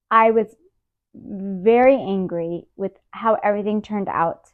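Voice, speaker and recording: A woman in her thirties, appearing as an interview guest, candidly recounts a hard personal experience, acting out the dialogue in an emotional, animated way. Her voice is mid-range and a little slow, with a tinny, phone-like sound.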